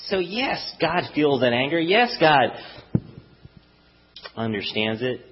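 A middle-aged man preaches a sermon in a loose, chatty way, now and then slipping into the voices of the people he talks about. His pitch moves around a great deal. The recording is dull and lo-fi. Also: slow. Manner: conversational, animated, often acts out voices. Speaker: pastor.

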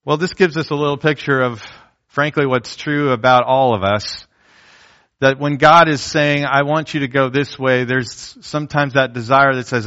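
A man's voice: medium pitch, fairly even intonation, moderate pace, fairly bright tone, lo-fi sound. A middle-aged man preaching a sermon, telling a story about his toddler granddaughter and acting out the voices of the people in it. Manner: storytelling, acts out quoted voices. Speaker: pastor.

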